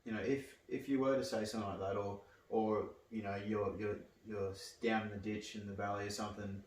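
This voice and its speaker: A young man hosting a casual chat, speaking earnestly and haltingly with many restarts. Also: fairly low pitch, steady tone, a little hiss or hum. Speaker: podcast host. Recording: echoey room, distant mic.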